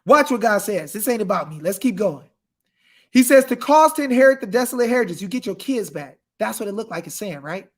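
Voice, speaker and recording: High-pitched guy preaching hard, aave, reads scripture then yells about it. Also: expressive, brisk. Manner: fiery, shouting, reads scripture aloud. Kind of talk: impassioned preaching.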